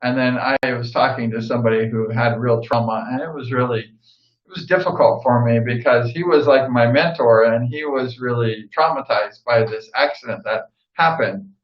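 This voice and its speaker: An older man, a former racer, telling stories in a rambling, casual way, repeating himself and acting out what others said. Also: mid-range voice. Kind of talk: casual storytelling monologue. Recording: echoey room, dull lo-fi sound.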